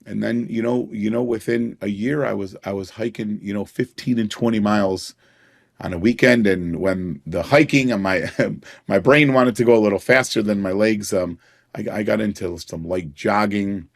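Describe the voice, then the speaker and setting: A man's voice: fairly low pitch, moderate pace, gravelly. A middle-aged man, a podcast guest, telling personal stories in an earnest way and chuckling now and then. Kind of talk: personal storytelling in a conversation.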